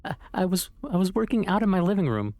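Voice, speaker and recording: A man's voice: sits high, sing-song, quick pace, darkish tone, dry recording, voice pushed up. A man voicing a frightened young woman who stammers in panic on the phone in a game playthrough. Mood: panicked.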